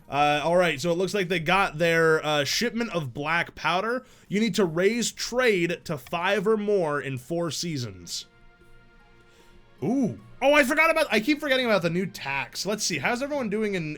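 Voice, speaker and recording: A man streaming a strategy game live, reading event text aloud and reacting with jokes and sudden loud shouts. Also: fairly high pitch, unhurried, faint music behind. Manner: animated, jokey, bursts into loud shouts.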